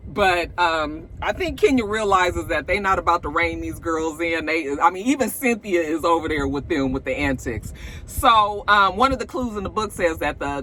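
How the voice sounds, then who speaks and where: A woman's voice: mid-range voice, sharp tone, slight background noise. A woman vlogger recapping a reality show in casual, profane slang, laughing often and acting out what people said.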